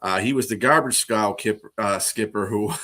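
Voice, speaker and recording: A man co-hosting a casual podcast, reading out film facts in a halting way with many filler sounds. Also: lowish voice, expressive, sharp tone. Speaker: podcast co-host.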